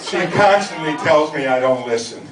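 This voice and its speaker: A man's voice: on the high side, animated, moderate pace. Older man doing dry stand-up, echoey. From Chicago area, USA. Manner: dry self-mocking punchlines. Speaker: stand-up comedian. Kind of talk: stand-up routine. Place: comedy club. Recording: echoey, distant, noisy club recording.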